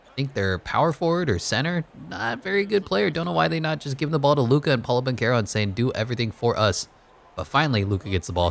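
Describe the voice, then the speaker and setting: Low-voiced man doing jokey game commentary. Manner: jokey play-by-play with quick stat rundowns. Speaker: gaming YouTuber.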